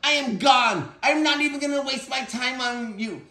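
A woman's voice: high voice, moderate pace, reverberant, pitched above the performer's own voice. A woman voicing a boastful, arrogant male pet reptile who brags and hurls insults. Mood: taunting. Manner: bragging, taunting, shouting insults.

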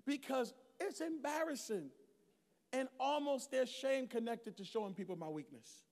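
A middle-aged man preaching a sermon as pastor, swinging from shouted calls to storytelling. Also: very high voice, lively intonation, normal speed. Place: large church hall. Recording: long hall reverb.

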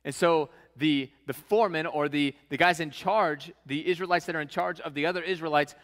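A man's voice: a little high, fairly quick, a bit bright, big-room sound. A male preacher giving a casual, conversational sermon, mixing scripture reading with modern slang.

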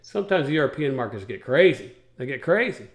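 A man's voice: mid-range voice, sing-song, fast talker, reverberant. A man hosting a trucking talk show, rambling in a folksy way and walking listeners through charts step by step. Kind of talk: casual radio talk show chat.

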